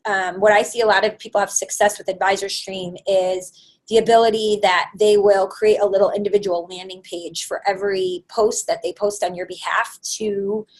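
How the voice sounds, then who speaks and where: A woman's voice: medium pitch, steady tone, normal speed, low-quality recording. A woman hosts a live webinar and works through audience questions. She talks casually and loosely, with plenty of "um"s and "you know"s. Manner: conversational, frequent fillers. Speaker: webinar host.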